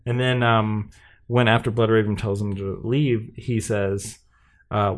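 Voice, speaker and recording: A man's voice: lowish voice, level tone, unhurried. A man in casual chat, animatedly recapping a TV episode and acting out the characters' lines. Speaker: podcast co-host recapping a TV episode.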